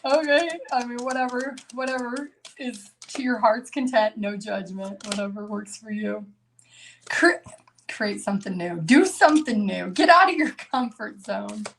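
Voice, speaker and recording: A woman's voice: fairly high pitch, measured pace, a little hiss or hum, rough recording. Giggly woman reading tarot live. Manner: casual, laughs a lot, talks to herself. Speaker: tarot reader.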